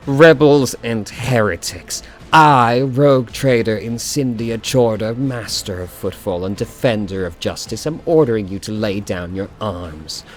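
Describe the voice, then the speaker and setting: A man's voice: lowish voice, fairly even intonation, measured pace, a little hiss or hum, lightly acted. A man reading the lines of a ruthless, zealous female rogue trader, with grand declarations. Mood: commanding. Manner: grandiose declarations, read aloud from the screen.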